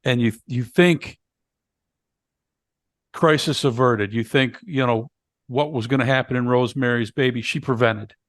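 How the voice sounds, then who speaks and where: A man co-hosting a podcast recounts a movie's plot bit by bit, casually and with many fillers and restarts. He talks at a measured pace with long pauses in a medium-pitched voice, recorded dry at studio quality.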